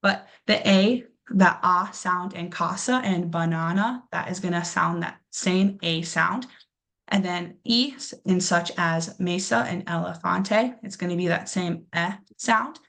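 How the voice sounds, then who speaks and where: A young woman teaching a pronunciation lesson to a class. She talks patiently with a good deal of um, sounds words out slowly, and encourages her students. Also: fairly low pitch, vocal fry, a bit bright. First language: English. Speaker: English teacher.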